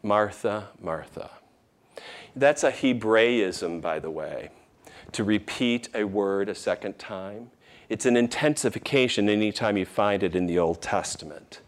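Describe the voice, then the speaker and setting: A man pastor preaching a sermon, shifting between raised emphasis and tender, hushed near-whispers in a church. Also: lowish voice, unhurried.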